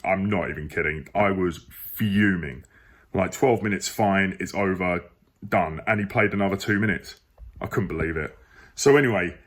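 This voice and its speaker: A man's voice: deep voice, moderate pace, a bit bright. A man reviewing a football match on his phone at home, rambling and exasperated, with emphatic outbursts. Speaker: football fan channel host. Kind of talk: casual match review to camera.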